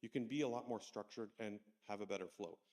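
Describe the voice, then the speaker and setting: A man's voice: lowish voice, quick pace, darkish tone. Conversational man in a reverberant church hall. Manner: conversational, anecdotal, acts out kids' voices. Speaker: Sunday school teacher trainer. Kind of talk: church workshop talk.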